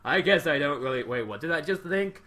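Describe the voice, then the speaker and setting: A man's voice: a little high, lively intonation, a little fast, bright, forceful tone. A man hosting a let's play, reading a visual novel's narration aloud with wry ad-libs. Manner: wry, ad-libbing between narration.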